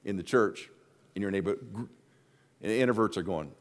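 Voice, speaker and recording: A man preaching a sermon as the pastor, telling stories with his voice swinging from hushed asides to loud exclaims. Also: fairly low pitch, fairly quick.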